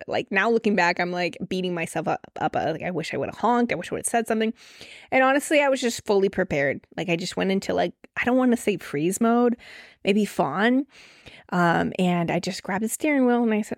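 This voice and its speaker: A woman in her late twenties telling a personal story in a casual podcast monologue, animated and full of "like" fillers, acting out the voices of people she quotes. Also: mid-range voice, normal speed, dry recording, clean studio sound. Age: late 20s. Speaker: podcast host.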